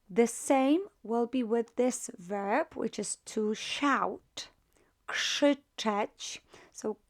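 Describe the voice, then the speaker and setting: Slow, patient Polish-accented woman teacher. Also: on the high side. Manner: patient, repeats "right?" after each point, many fillers. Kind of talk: grammar lesson explaining verb conjugation.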